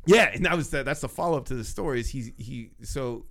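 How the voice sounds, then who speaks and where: A man's voice: mid-range voice, fast. A man telling rowdy stories from working at a comedy club in casual chat, cursing freely and acting out the people in them. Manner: animated, profane, acts out voices in his stories.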